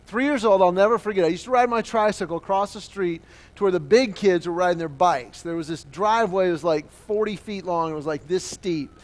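Brief: male pastor, high-pitched, animated storytelling sermon with acted-out voices. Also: fairly quick.

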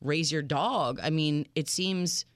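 A woman co-hosting a relationship advice radio show, giving direct, animated advice. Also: low voice, slow, dry recording, clean studio sound.

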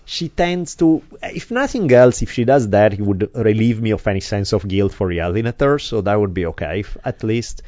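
Podcast co-host, deep man, dry close sound, slightly dull lo-fi, candid casual talker who swears. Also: expressive, normal speed, few pauses, darkish tone, dry recording. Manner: candid, self-deprecating, swears freely. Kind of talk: casual chat.

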